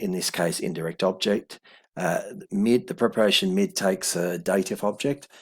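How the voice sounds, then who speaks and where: A man giving a video lesson, explaining in a halting way with many fillers and corrections. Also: low-pitched, breathy edge. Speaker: language teacher.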